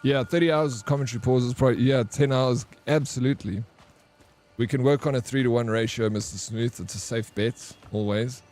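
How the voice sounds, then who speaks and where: Laid-back guy streaming a game and chatting w his viewers, mellow voice, says bro a lot. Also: mid-range voice, moderate pace. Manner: chatty, swears casually, calls viewers bro; reacts to chat messages. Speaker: gaming streamer. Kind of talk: casual gaming commentary.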